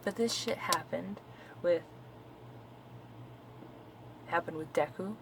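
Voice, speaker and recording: A woman's voice: on the low side, takes it slowly, creaky, long pauses, slight background noise, poor audio. A woman vlogger telling a story at home in a casual, exasperated, profane venting rant.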